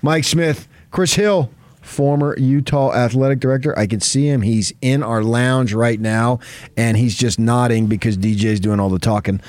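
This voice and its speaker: A man's voice: medium pitch, moderate pace, darkish tone, no echo. Man, sports radio host, chatty, laughs a lot, dry close studio mic. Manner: chatty, laughs easily, rambling restarts. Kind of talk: casual sports radio chat.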